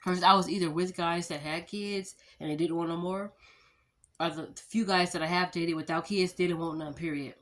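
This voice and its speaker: A woman's voice: lowish voice, fairly even intonation, normal speed. A woman in her thirties chatting casually to her viewers, rambling through storytime anecdotes and addressing them as y'all. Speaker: vlogger.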